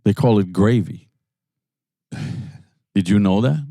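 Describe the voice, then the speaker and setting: A man's voice: lowish voice, takes it slowly, no room sound, studio quality. A man from New York co-hosting a podcast, casually teasing his friend with crude, profane banter from inside a jeep. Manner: loud, profane ribbing. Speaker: podcast co-host.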